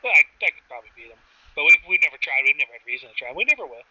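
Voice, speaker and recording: A man's voice: fairly high pitch, sing-song, very fast, pushed and bright, dull audio. A man playing a tabletop game, speaking in character, matter-of-fact. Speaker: player.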